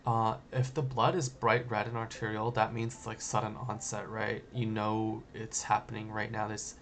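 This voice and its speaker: Low, gravelly man giving a casual review. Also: fairly bright tone, a little hiss or hum. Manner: loose and conversational, full of "like" and "you know". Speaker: nursing educator. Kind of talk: casual exam review lecture.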